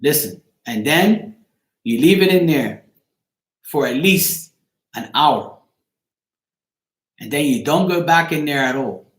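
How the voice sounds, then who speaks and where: Emphatic swearing man in an echoey room. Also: a little high. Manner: emphatic, repeats "right?", swears freely. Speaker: host of a live chat show. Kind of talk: casual live-stream advice to a viewer.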